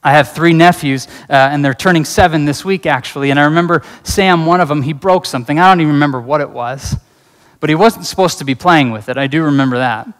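A man's voice: a little high, fast, fairly bright tone. A man preaching a sermon in an earnest, conversational way, weaving in personal stories. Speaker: pastor. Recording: reverberant hall.

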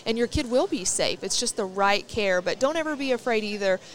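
A chatty woman with a twang hosts a casual podcast interview. She talks with easy enthusiasm and drifts into long personal stories. Her voice sits at an ordinary middle pitch for a woman. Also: animated, fairly quick. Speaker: podcast host. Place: rodeo arena event.

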